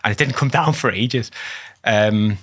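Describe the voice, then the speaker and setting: A man who co-hosts a podcast as a cardiologist, explaining things in a relaxed chat with swearing and laughter. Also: medium pitch, unhurried.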